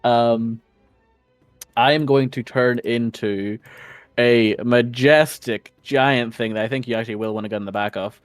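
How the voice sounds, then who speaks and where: A man's voice: mid-range voice, steady tone, measured pace, smooth, no echo, faint music behind. Guy playing d&d, giggly and sweary, dry close mic. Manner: giggly, casual, swears freely. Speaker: player. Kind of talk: tabletop game play.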